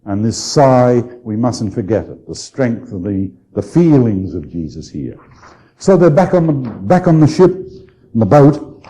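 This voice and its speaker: Dark-voiced bishop teaching scripture. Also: male voice, mid-range voice, rough recording. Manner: unhurried, restarts phrases, checks in with listeners. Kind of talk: conversational Bible study lecture.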